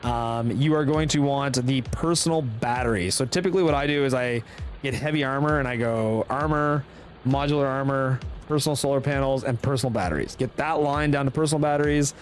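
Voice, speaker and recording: A young Canadian speedrunner streamer with a mid-range voice talks fairly quickly, with faint music behind him. He casually explains his moves and thinks aloud while playing through a live game guide.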